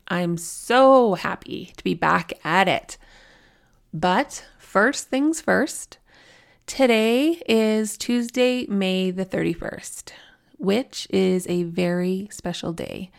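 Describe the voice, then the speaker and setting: A woman's voice: mid-range voice, vocal fry. A woman in her forties hosting a podcast, telling a personal story in a candid, heartfelt way. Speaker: podcast host.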